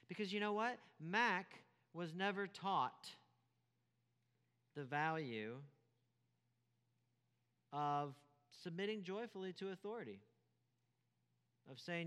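Male pastor, emphatic sermon, rhetorical questions, lively rising and falling pitch, smooth resonant voice, long hall reverb. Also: slow pace, long pauses. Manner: emphatic, repeats key phrases, rhetorical questions.

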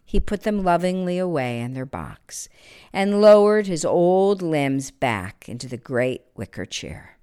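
A woman reading a Christmas story aloud, expressive, sometimes dropping to a near-whisper. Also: lowish voice, unhurried, clean tone.

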